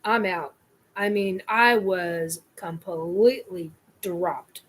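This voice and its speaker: A woman's voice: lowish voice, takes it slowly, a bit bright, husky. A woman hosting her own show, telling a personal experience in a scattered, rambling way. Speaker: host.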